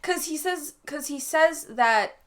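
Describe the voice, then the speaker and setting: A woman's voice: high voice, lively intonation, takes it slowly. A woman hosting a casual movie-review chat, rambling and giggly with lots of fillers. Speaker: host.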